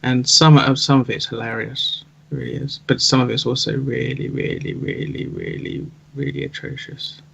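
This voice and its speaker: A man with a gravelly, husky voice co-hosts a casual chat in a laid-back, teasing way. His audio is slightly dull and lo-fi. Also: medium pitch, flat delivery, brisk, few pauses, a bit bright. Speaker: podcast co-host.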